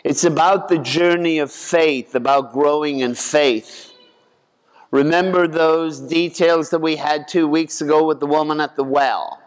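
Male priest reading scripture and preaching, unhurried and deliberate, smooth resonant tone, echoing church hall. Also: on the high side, fairly even intonation. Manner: slow, measured, deliberate delivery. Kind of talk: gospel reading and homily. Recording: long church reverb.

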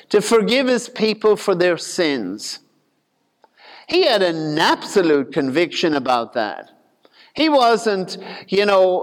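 A man preaches a sermon in a high, smooth, ringing voice, keeping it casual and folksy with asides and humor. A long reverb trails after each phrase.

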